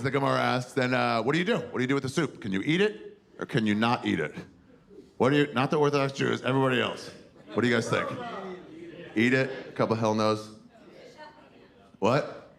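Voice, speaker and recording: Crude stand-up comic with a gravelly voice. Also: male voice, medium pitch, a little fast, pauses often, crowd noise. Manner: crude, animated storytelling, acts out characters. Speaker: stand-up comedian. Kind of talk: stand-up comedy set. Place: theater stage before a live audience. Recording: noisy live room with audience laughter.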